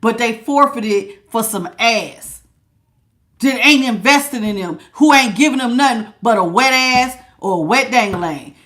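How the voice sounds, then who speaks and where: A high, bright-voiced woman delivers a tarot reading in a sassy, emphatic, slangy way. Her tone is lively and sharp, and she talks with punchy attitude. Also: measured pace. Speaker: tarot reader. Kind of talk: casual tarot reading monologue.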